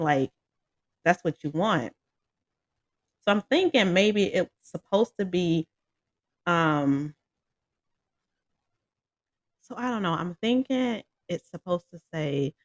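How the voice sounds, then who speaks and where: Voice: mid-range voice, dry recording. A music reviewer talking casually and at length, rambling with lots of fillers and laughing often while addressing viewers directly. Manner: rambling and animated, with many fillers and frequent laughs; talks straight to viewers. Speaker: song reviewer. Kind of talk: casual spoken song review.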